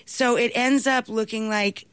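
A woman being interviewed, telling stories in an animated way and laughing often. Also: on the high side, unhurried, smooth, no echo. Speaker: guest, talk show host and cookbook author. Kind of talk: anecdotal storytelling in an interview.

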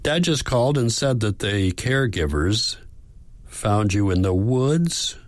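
A man's voice: lowish voice, animated, unhurried, no room sound, voice pushed up. A man voicing a young woman, a granddaughter, speaking earnestly and pleadingly to her grandfather. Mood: anxious. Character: young adult granddaughter, worried and caring.

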